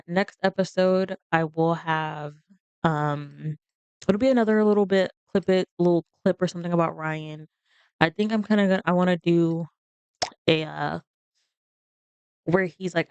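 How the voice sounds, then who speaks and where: A woman's voice: fairly low pitch, a little mellow, smooth, no room sound, dull audio. A woman casually narrating her life-simulation gameplay in a chatty, rambling way. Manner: chatty, rambling, with fillers and asides. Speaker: game streamer narrating gameplay. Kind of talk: casual let's-play commentary.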